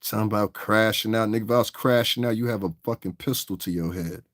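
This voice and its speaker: A man's voice: lowish voice, quick pace, fairly bright tone, no room sound, studio quality. A man hosting a livestream, ranting angrily and combatively with heavy profanity. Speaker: livestream host. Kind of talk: casual livestream rant.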